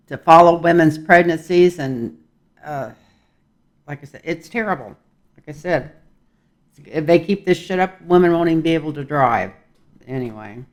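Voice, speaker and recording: An older man giving a casual tarot reading, talking in a rambling, folksy way with chuckling asides. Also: fairly high pitch. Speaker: tarot reader.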